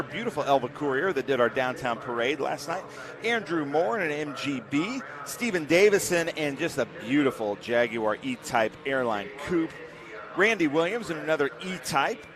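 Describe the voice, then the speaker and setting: A man co-commentating outdoors at a race track, his voice a bit high. He moves briskly through long lists of drivers and cars. A crowd murmurs clearly in the background. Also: animated. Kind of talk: live motorsport commentary.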